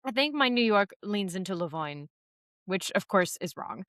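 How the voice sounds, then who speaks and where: A woman's voice: mid-range voice, lively intonation, moderate pace, a bit bright, no room sound, clean studio sound. Chatty woman from Southern Indiana. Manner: chatty, laughs easily, playful with accents. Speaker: podcast co-host. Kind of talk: casual movie chat.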